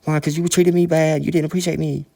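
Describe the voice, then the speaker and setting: A shrill, sneering scorned young woman who swears she is a demon from the pit, as a man puts her on in a falsetto well above his own voice. She taunts and curses with bitter mockery in a loose spoken monologue. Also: level tone, fast, creaky, warm tone. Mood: bitter mocking. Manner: mocking, taunting, profane.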